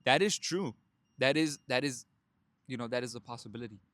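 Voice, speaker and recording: Brisk and medium-pitched with no room sound, a young self-help vlogger tells his own story with plenty of laughter. His motivational talk is casual, blunt, and full of profanity, and he calls the listeners brothers.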